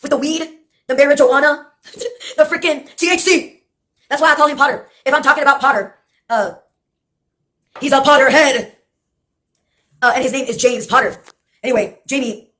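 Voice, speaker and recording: High-voiced sarcastic woman rambling. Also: normal speed, long pauses, a bit bright. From Brownsville, Texas. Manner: sarcastic, profane, laughs often; jumps from topic to topic. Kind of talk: rambling monologue.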